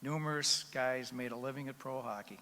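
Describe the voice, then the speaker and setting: Brief: older retired coach, warm storyteller's cadence at the mic, long room reverb. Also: male voice, mid-range voice, brisk. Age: 70s. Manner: folksy, conversational storyteller. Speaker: retired hockey coach, inductee. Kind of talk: acceptance speech. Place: large banquet hall. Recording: long reverb of a large hall.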